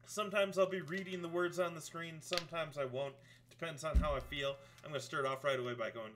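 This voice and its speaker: A man's voice: on the high side, steady tone, brisk, a bit bright, soft background music. A man streaming a retro video game, chatting casually and rambling through his ratings and plans. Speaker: let's play streamer. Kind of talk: game commentary.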